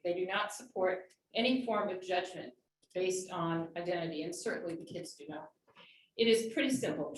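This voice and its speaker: A woman giving an earnest public comment at a school board meeting, reading prepared remarks. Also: medium pitch. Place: large meeting room. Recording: echoey room, distant mic, faint noise.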